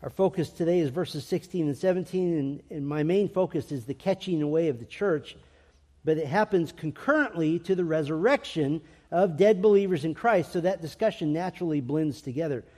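A man preaching a sermon, reading scripture and building to emphatic, loud proclamations. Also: a little high, a little fast. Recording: long reverb of a large hall.

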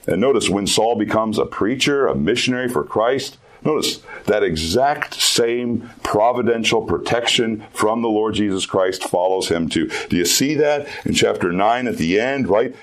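A man giving a youth sermon as pastor, earnest and emphatic, repeating key phrases for weight. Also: medium pitch.

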